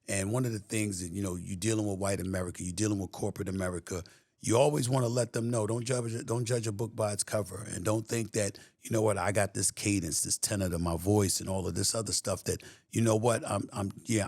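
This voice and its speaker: A man's voice: low-pitched, no echo, studio quality. A middle-aged man with a New York accent, a guest talking in an emphatic, streetwise way in a casual interview. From New York City.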